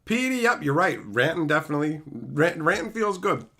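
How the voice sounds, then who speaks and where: A man ranting profanely on a livestream while reading chat comments, swinging between loud outbursts and low mutters. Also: sing-song, moderate pace, breathy edge. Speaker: streamer reading live chat. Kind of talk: livestream rant.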